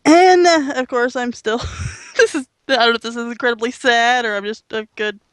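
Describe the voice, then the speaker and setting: A woman's voice: a little high, moderate pace, smooth, no room sound. Giggly, self-deprecating woman co-host. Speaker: podcast co-host. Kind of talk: casual podcast chat.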